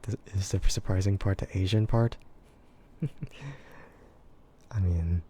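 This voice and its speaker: Man, American accent, soft gentle voice, very dark mellow tone, ASMR chat. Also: low-pitched, slow, a little hiss or hum. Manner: relaxed, hesitant, giggly. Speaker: VTuber streamer.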